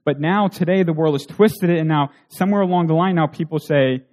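Earnest man preaching, mellow voice. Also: fairly high pitch, fairly quick, hardly any pauses. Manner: earnest, rhetorical questions. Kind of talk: sermon.

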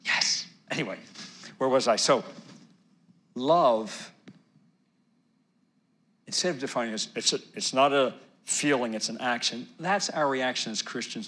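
A middle-aged male pastor preaching a sermon, swinging between loud emphatic lines and soft, near-whispered ones. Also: mid-range voice, a little slow, long pauses.

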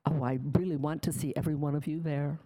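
A woman's voice: low voice, steady tone, quick pace, dark tone, low-quality recording. A woman giving a candid, plainspoken personal faith testimony to an audience, emotional at times. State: tearful. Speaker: testimony speaker.

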